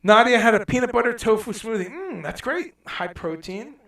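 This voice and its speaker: A middle-aged man hosting a casual livestream chat, rambling and animated as he reads out viewers' comments. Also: very high voice, moderate pace. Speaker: host. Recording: echoey room, far from mic.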